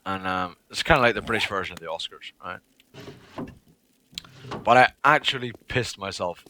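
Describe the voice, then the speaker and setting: A man's voice: lowish voice, animated, normal speed, sharp tone, slight background noise. A man livestreaming a game, chatting casually to his viewers in a profane, rambling way. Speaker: livestreaming gamer. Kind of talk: casual chat while playing a game.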